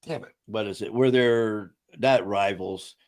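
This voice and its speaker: A man's voice: lowish voice, unhurried. A middle-aged man hosting a podcast, telling stories in a casual, profane way and laughing as he goes. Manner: animated, profane, laughs through his stories. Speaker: podcast host. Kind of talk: casual storytelling chat.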